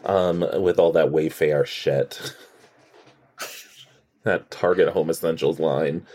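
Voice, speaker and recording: A man co-hosting a casual podcast, recapping a TV episode in an animated, profane way and acting out characters' lines. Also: rumbling low, slow pace. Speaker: podcast co-host. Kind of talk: casual chat recapping a TV show.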